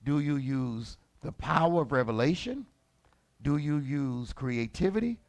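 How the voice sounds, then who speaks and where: A man preaching a sermon as lead pastor, colloquial and animated. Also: fairly high pitch, unhurried. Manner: animated, colloquial, acts out characters.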